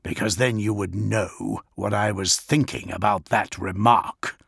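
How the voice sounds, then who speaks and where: A man playing a senior warrior lord, low and quiet, measured and dryly cutting. The voice is gravelly and husky, close-miked and dry. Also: steady tone, dry recording, heavily acted. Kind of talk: audiobook character voice.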